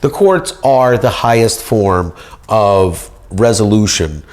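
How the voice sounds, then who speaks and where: A man's voice: fairly low pitch, lively intonation, slow, a little mellow. A man in a rambling monologue, making grandiose claims as if pleading his case to a judge. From United States.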